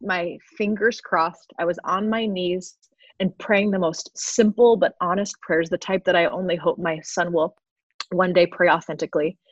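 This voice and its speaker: A woman in her thirties, appearing as a guest, shares an earnest personal testimony and laughs often. Her lowish voice holds a steady tone at a moderate pace, captured without echo on a slightly dull lo-fi recording.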